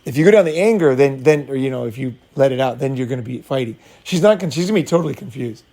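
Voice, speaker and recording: Gravelly, animated man coaching on dating. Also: mid-range voice, quick pace. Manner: animated, acts out both sides, blunt and profane. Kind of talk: casual talk with acted-out scenes.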